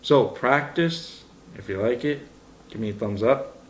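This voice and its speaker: A young man from Alberta, an auctioneer casually explaining his chant and breaking into quick rhythmic bid calls. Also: medium pitch, animated, a little hiss or hum. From Alberta, Canada. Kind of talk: casual tutorial.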